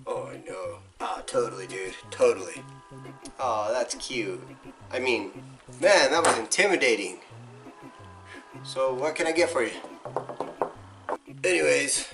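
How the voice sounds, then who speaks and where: A man's voice: medium pitch, a little slow, pauses often, reverberant, far from the mic, over music. A man acting in a comedy sketch in an easygoing, mild way. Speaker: sketch performer playing a parts store clerk.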